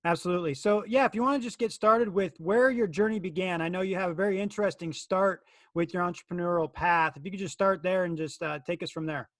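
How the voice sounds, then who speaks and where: A man's voice: sits high, fast, few pauses, no room sound. A man hosting a casual interview podcast, introducing his guest in a rambling, friendly way with many fillers. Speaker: podcast host.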